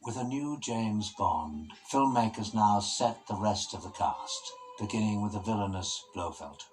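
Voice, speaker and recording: A man giving scripted documentary narration in a measured, formal way. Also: fairly low pitch, poor audio. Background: music.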